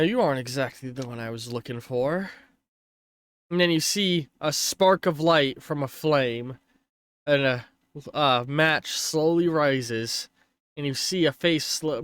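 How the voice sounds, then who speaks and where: A man's voice: fairly high pitch, a bit bright, smooth, dry recording, studio quality. A man narrating as game master of a tabletop game on a stream, rambling and correcting himself as he goes.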